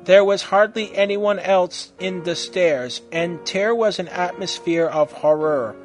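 A man's voice: high-pitched, unhurried, faint music behind. Man giving a mock-serious story reading. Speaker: reader.

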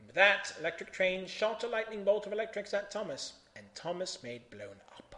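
A man hosting a comic live reading of odd fan fiction, theatrical and bursting into loud shouted voices. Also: high-pitched, big pitch swings, moderate pace, hardly any pauses.

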